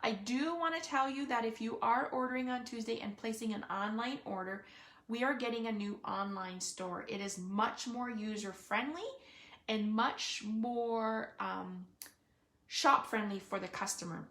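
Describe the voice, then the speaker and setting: A woman's voice: on the high side, a little slow, a bit bright. Chatty woman demoing crafts, echoey room. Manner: chatty, thinks aloud with many fillers. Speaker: card-making demonstrator. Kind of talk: casual live craft demonstration.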